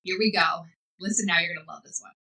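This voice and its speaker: A woman hosting a podcast as a life coach, giving an energetic, enthusiastic motivational talk. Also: fairly low pitch, quick pace, husky, poor audio. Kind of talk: motivational monologue.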